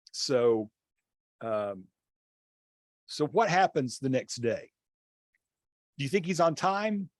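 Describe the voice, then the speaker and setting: A male teacher telling a classroom story in an online class over a video call, acting out the dialogue with lively changes of voice. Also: medium pitch, no echo, clean studio sound. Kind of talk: storytelling lecture.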